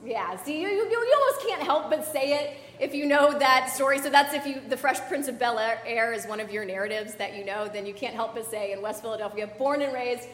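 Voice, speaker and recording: A young adult woman pastor delivers a chatty, conversational sermon in a church sanctuary, using fillers and making asides to the congregation. Her voice sits high and a bit bright, moving a little fast with hardly any pauses. The recording has the echo of a church hall.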